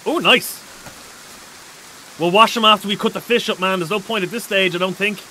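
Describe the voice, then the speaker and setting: An excitable man hosts a casual gaming livestream, his voice pitched high for a guy and bright, almost edgy. A faint hiss sits under his talk. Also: normal speed, poor audio. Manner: excitable, reads out chat messages. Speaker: streamer.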